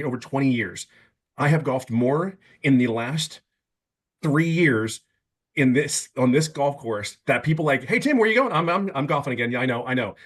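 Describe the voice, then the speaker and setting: A man in his fifties giving an emphatic, casual testimonial on a webinar video call, stumbling over words when excited. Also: medium pitch. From California. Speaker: webinar guest.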